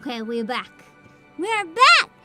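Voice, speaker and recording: A woman streaming a video game in casual chat, excitable, often shrieking, laughing and swearing. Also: sits high, measured pace. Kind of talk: casual gaming livestream. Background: game music.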